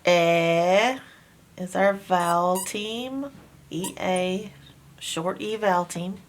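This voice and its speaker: A woman teaching a phonics lesson, slowly sounding out words and letters, with patient praise. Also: medium pitch.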